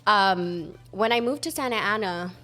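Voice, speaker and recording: A woman's voice: mid-range voice, animated, normal speed, bright, forceful tone, soft background music. A young woman from the Los Angeles area with an LA accent, talking casually as a guest and slipping in Spanish. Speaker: podcast guest.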